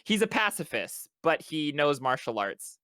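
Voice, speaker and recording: Lively, bright-voiced tabletop player. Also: mid-range voice, unhurried, no room sound, clean studio sound. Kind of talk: casual chat.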